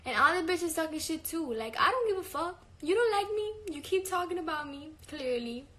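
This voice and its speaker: A woman's voice: very high voice, lively intonation, moderate pace, a bit bright. A young woman chatting casually on a livestream, brash and profane, laughing often. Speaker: singer on a live stream.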